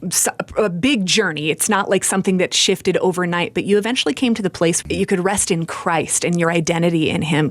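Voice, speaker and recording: A woman hosting a radio interview speaks in a lowish voice and asks gentle questions. The studio sound is dry and close. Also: no room sound. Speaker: radio host.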